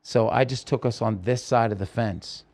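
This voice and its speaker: A man's voice: medium pitch, moderate pace, a little mellow. A man with a mid-range voice recounts a personal story as a podcast guest. He tells it vividly and with intensity, and he acts out the lines of the people in the story. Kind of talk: personal story told in an interview.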